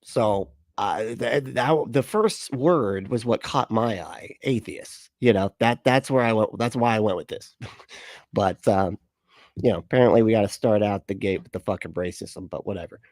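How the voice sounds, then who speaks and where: A man's voice: lowish voice, moderate pace, darkish tone, no echo, clean studio sound. A man in his thirties hosting a reaction video, rambling in casual commentary with lots of swearing and restarts. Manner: rambling, profane, frequent restarts and laughs.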